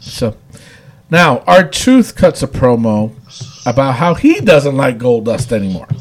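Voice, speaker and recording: A man's voice: mid-range voice, very animated, slow pace. A man casually recapping wrestling episodes on a podcast, rambling with lots of fillers and frequent laughs. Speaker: podcast co-host.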